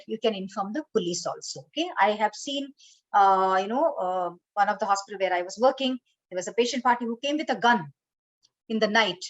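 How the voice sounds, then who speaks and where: A woman's voice: a little high, poor audio. A woman teaching an online training session, instructive, often saying "okay" and "you know". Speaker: corporate trainer.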